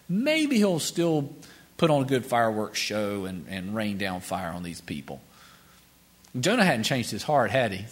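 Animated, conversational male preacher. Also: a little high. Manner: animated, conversational, chuckles often, stammering restarts. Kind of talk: sermon.

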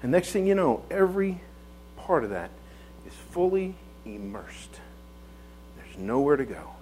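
A man's voice: a little high, very animated, brisk, a little mellow, a little hiss or hum, poor audio. A man preaching a conversational sermon in a church, folksy, often repeating words and asking rhetorical tag questions.

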